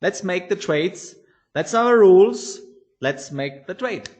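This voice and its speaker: A man's voice: high-pitched, animated, slow pace, darkish tone, pitched above the performer's own voice. A man voicing an eager inner chart technician urging to take the trade.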